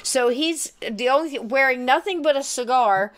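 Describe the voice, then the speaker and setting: A woman's voice: sits high, lively intonation, normal speed, fairly bright tone. A woman hosting a podcast, chatting with enthusiasm and laughing often. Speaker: podcast host. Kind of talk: casual chat.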